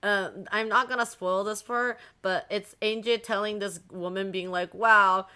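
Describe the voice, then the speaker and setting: Woman podcaster chatting loosely, lots of like and um, bright voice. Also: medium pitch, normal speed, clean tone. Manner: lively, rambling, with frequent fillers. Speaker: podcast host. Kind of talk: casual chat retelling a story.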